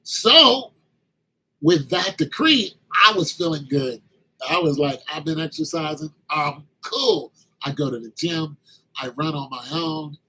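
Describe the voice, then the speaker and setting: Animated storytelling man in his late fifties. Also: a little high, a little slow, slight background noise, rough recording. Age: 50s. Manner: animated, acts out quoted dialogue. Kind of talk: casual storytelling.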